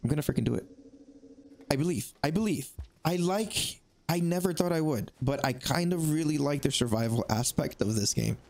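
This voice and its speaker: A man giving excitable let's play commentary, talking to the creatures on screen as he plays. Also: on the high side, normal speed, gravelly. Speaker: gaming YouTuber.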